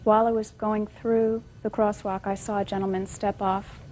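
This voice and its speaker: A woman's voice: medium pitch, level tone, moderate pace, warm tone, slight background noise, low-quality recording. A woman defendant giving plain, matter-of-fact answers in a courtroom. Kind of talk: courtroom testimony.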